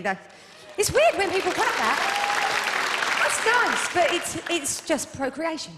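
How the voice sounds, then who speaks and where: A woman in her thirties performing a stand-up comedy set with wry, deadpan asides. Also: extremely high pitch, measured pace, over a noisy crowd, heavy background noise. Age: 30s. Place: comedy club stage. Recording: reverberant live club hall. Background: audience laughter.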